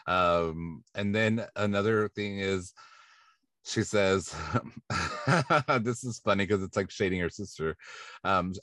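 A man with a very low voice hosts a casual podcast chat and walks through gossip stories in a relaxed, chatty way. The sound is close and dry, with no room echo. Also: takes it slowly, long pauses. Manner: relaxed, chatty recapping of celebrity news. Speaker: podcast host.

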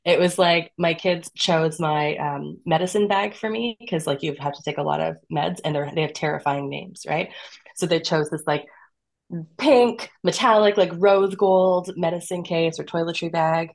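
Speaking at a normal pace in a fairly low, gravelly voice, a thirty-something woman shares her story openly as a podcast guest. She's lively and expressive, with frequent laughs and acted-out quotes of her own self-talk.

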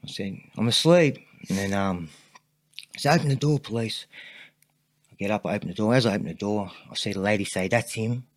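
A man's voice: fairly low pitch, fast, pauses often, no echo. A man with an Australian accent, a podcast guest telling a long story in a rambling way, full of fillers. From Sydney, Australia. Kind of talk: casual storytelling interview.

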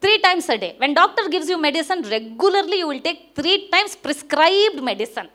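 A middle-aged woman pastor preaching a sermon, emphatic, with big swings in pitch and loudness. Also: animated, moderate pace.

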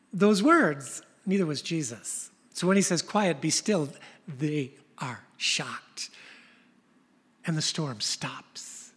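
An older man preaching a sermon, telling stories in an animated way and dropping to a whisper for emphasis. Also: high voice, breathy edge. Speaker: pastor. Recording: long reverb of a large hall.

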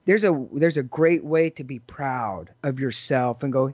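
A man's voice: medium pitch, a little slow, few pauses, dry recording. A middle-aged man co-hosting a podcast, chatting casually and telling stories with acted-out quotes. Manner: animated storyteller, acts out quotes. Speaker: podcast co-host. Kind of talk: casual chat.

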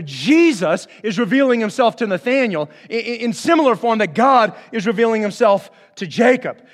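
A man preaching a conversational sermon as pastor, acting out the speakers in the Bible stories. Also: high voice.

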